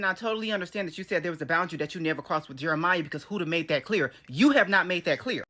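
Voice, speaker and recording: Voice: mid-range voice, sharp tone. A commentator ranting bluntly and profanely about a reality show in casual talk. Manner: blunt, profane, fast-talking rant. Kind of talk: casual recap rant.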